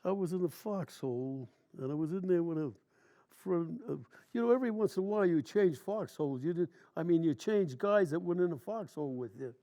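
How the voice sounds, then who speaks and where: A man's voice: a little high, lively intonation, brisk, dark tone. A man in his nineties, a war veteran, telling long stories from memory in plain, rambling, colloquial speech during an interview. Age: 90s.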